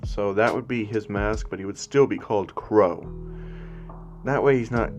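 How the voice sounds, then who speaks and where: A man's voice: lowish voice, normal speed, faint music behind. A man casually narrating a fan-made story, rambling with fillers.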